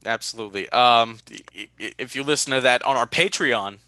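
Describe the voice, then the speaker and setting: A young man hosting a casual podcast, telling stories with lively jumps into high-pitched quoted voices. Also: normal speed, no echo. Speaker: podcast host.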